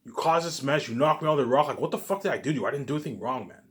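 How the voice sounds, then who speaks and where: A man delivering an agitated, profane monologue to his viewers, repeating himself and restarting sentences, swinging between loud outbursts and low muttering. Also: expressive, rapid-fire. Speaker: YouTube vlogger. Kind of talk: ranting monologue to camera.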